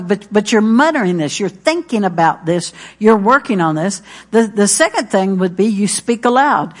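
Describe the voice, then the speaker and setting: Emphatic higher-pitched woman preacher. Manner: earnest and emphatic, repeating key phrases. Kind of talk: sermon.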